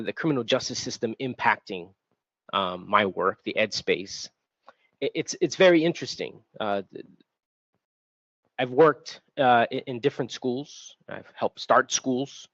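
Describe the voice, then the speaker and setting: A man's voice: medium pitch, lively intonation, unhurried, long pauses, no room sound, highs cut off. A middle-aged man from Texas, a school administrator, speaking on a panel in an earnest, reflective way with restarts. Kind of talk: panel talk, personal testimony. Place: event venue.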